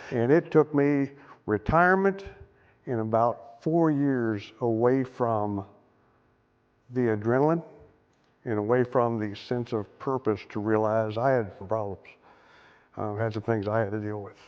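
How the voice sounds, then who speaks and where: A man's voice: on the low side, unhurried, smooth. An older man speaking plainly and earnestly in a candid round-table talk about mental health. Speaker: discussion participant. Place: room with other men at a table. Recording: dull lo-fi sound with long hall reverb.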